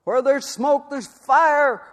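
A man's voice: very high-pitched, takes it slowly, long reverb tail, pitched above the performer's own voice, full character voice. A man voicing a middle-aged frontier husband who bellows furious accusations at his wife in an audiobook. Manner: shouting, raging accusations. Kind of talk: audiobook character voice.

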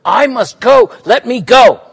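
A man reading aloud who voices a determined young girl, urgent and pleading, raising his voice high and loud in a live fiction reading. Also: a little slow, in a large hall. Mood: shouting.

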